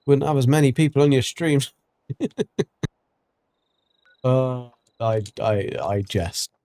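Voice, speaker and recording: A man's voice: medium pitch, takes it slowly, mellow, dry recording. Chatty man streaming a game. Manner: chatty, rambling, many ums and restarts. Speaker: gaming streamer. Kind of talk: casual gameplay commentary.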